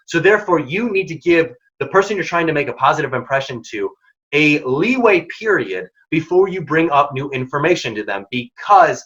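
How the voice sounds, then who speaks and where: A man's voice: fairly high pitch, fairly bright tone, highs cut off. A man hosting a career workshop, giving direct, emphatic advice in short punchy lines. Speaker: program founder and workshop host.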